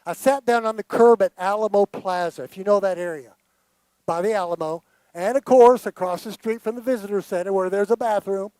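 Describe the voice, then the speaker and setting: An older man in his late sixties with a high voice tells a heartfelt personal story to a gathering. He speaks earnestly and emotionally, turning to the audience now and then. The sound is dry and close, with little room echo. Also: fairly quick, a little mellow, clear, resonant tone. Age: late 60s. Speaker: guest speaker. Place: hall of a gathering.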